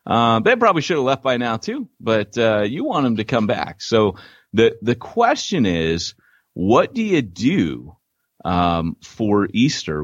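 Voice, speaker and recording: This podcast co-host is a middle-aged man with a lowish voice, recorded muffled with no room sound. He's in a relaxed chat, joking around, telling stories with energy and ribbing his partner.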